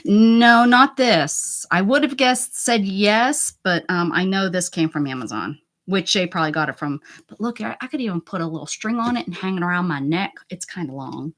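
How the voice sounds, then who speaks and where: A woman hosting a casual art livestream from home, chatty and self-mocking, laughing often and muttering softly to herself as she works. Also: lowish voice, expressive, moderate pace, hardly any pauses. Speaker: art channel host.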